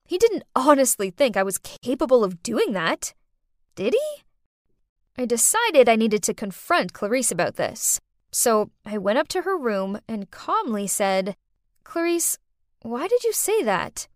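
A young woman narrating a first-person animated story in a dramatic, exclaiming manner. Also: on the high side, unhurried, dry recording, clean studio sound. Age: young adult.

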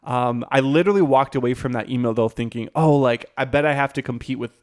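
A man's voice: mid-range voice, quick pace. A young man co-hosting a podcast, telling a story in a casual, chatty, self-deprecating way with lots of fillers. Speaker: podcast co-host.

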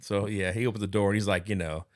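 A man co-hosting a podcast, casually retelling a movie and breaking into high voices for the characters. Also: steady tone, quick pace, no echo, studio quality. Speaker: podcast co-host. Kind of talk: casual movie recap chat.

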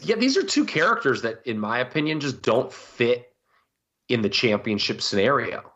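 A man's voice: medium pitch, big pitch swings, moderate pace, fairly bright tone, highs cut off. A man co-hosting a casual podcast, giving emphatic, rambling opinions. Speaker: podcast co-host. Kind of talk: casual wrestling podcast chat.

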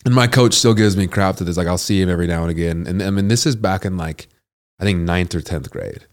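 Deep voiced guy in his 30s hosting a podcast, chatty, lots of dude and like. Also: fast. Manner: animated storytelling, says "dude" and "like" a lot. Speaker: podcast host. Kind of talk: casual conversational interview.

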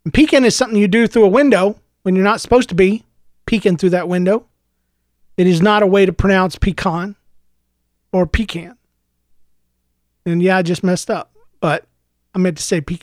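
A middle-aged man hosting a solo podcast, mock-ranting tongue in cheek in a low-key, unhurried way. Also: no echo, clean studio sound. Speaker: podcast host.

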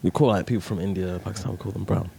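A young man co-hosting a podcast, telling stories in an animated way and laughing as he talks. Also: low-pitched, very fast, gravelly, slightly rough, no room sound. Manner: animated storyteller, laughs while talking. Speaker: podcast co-host. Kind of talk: casual chat.

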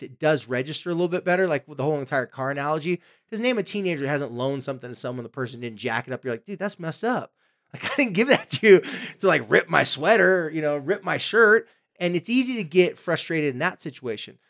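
Male podcast co-host: casual, emphatic advice-giver who slips into quoted voices. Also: on the high side. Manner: emphatic, acts out quoted parents and teens.

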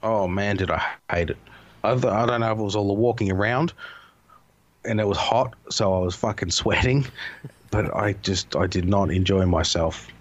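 A man's voice: on the low side, moderate pace, highs cut off. A man in casual chat, a rambling, profane storyteller who laughs often. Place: home.

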